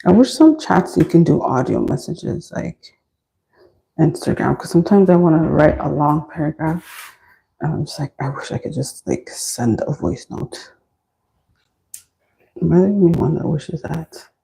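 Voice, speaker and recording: A woman with a low, gravelly, mellow voice hosts a relaxed livestream. She chats with viewers and answers their comments as she works. She records on her phone in a small, warm washroom. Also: unhurried, pauses often, low-quality recording. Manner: chatty, answers chat comments while working. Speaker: livestream host styling a wig. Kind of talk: casual chat with live viewers. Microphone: phone camera.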